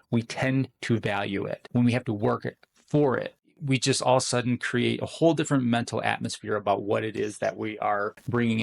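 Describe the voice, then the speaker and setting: Male podcast host, earnest motivational storyteller, very gravelly, mid pitch. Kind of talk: motivational monologue.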